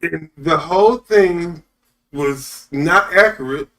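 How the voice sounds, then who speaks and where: Easygoing co-host, man, bright voice a little far from the mic, chuckles a lot. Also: on the high side, slow. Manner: laid-back, agreeable, laughs often. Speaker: co-host of a wrestling review show. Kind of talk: casual chat.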